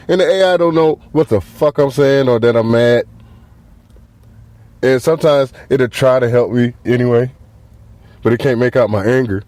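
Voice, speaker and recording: Animated man ranting with crude humor. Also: medium pitch, moderate pace, long pauses. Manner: animated, swings loud and soft, acts out quotes; laughs at own jokes. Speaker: podcast host. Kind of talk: profane comedic monologue.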